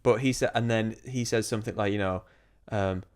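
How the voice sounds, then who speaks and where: A man's voice: on the low side, fairly quick, smooth. A man co-hosting a podcast, chatting casually, asking lots of questions and swearing freely. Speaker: podcast co-host. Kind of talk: casual chat.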